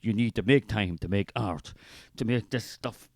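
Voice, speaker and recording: A man's voice: fairly low pitch, moderate pace, creaky, no room sound. An Irish man doing a fervent preachy art spirit. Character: preachy male artistic spirit, fervent, grandiose. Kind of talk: comic character sketch.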